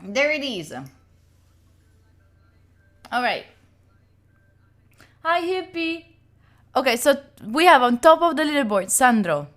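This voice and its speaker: A young woman, chatting excitedly with viewers on a live stream and thanking them by name. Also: high voice, slow, long pauses. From Italy. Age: young adult. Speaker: study streamer. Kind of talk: casual live-stream chat.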